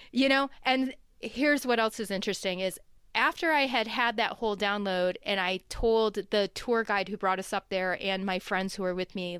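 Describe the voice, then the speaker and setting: Woman guest, lively storyteller, smooth clear voice, dry close sound. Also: fairly high pitch, dry recording. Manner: animated, laughing storyteller. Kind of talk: casual storytelling. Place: home.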